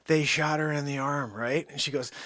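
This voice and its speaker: A man's voice: fairly high pitch, steady tone, normal speed, fairly bright tone, no room sound. A male comedian doing a manic improvised comedy monologue that jumps between silly voices.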